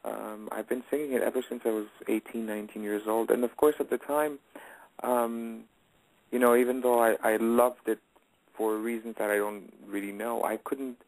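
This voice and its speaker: A man's voice: mid-range voice, little pitch movement, normal speed, darkish tone, no echo, rough recording. A man in his late twenties, a guest singer in a casual radio interview, talking hesitantly with many fillers and restarts.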